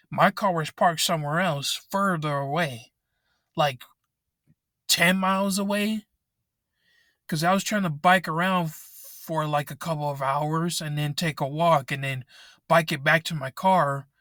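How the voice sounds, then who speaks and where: Young man, angry rant, swearing a lot, bright tense voice, dry close sound inside a car. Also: a little high, dry recording. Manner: angry, frustrated, swearing often. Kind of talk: ranting vent vlog. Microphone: laptop microphone.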